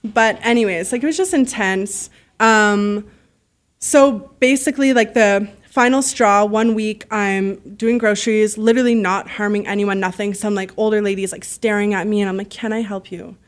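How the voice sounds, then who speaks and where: A woman telling stories as a podcast guest, animated and freely swearing, acting out the voices of people she quotes. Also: medium pitch, moderate pace. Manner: heavy use of "like" fillers. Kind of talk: casual storytelling.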